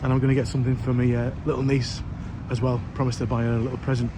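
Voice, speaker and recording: A man's voice: mid-range voice, flat delivery, racing. A man in a casual travel vlog, talking in a chatty, jokey, self-deprecating way, sounding tired. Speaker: vlogger. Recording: loud street and crowd noise.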